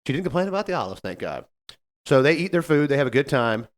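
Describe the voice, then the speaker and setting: Male podcast co-host, quick-talking storyteller with a lively voice who acts out the people in his stories. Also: mid-range voice. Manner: animated, acts out customer quotes. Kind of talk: casual storytelling chat.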